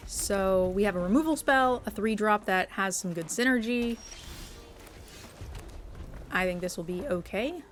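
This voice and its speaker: A woman's voice: mid-range voice, animated, a little slow, long pauses, faint music behind. A woman streamer giving gameplay commentary, thinking aloud and playfully exasperated as she plays.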